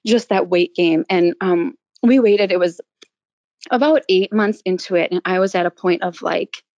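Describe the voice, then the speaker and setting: A woman's voice: on the low side, moderate pace, darkish tone, no echo, highs cut off. Woman, thirties, interview guest; emotional, candid telling, dry recording. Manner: emotional, tearful storytelling with laughs.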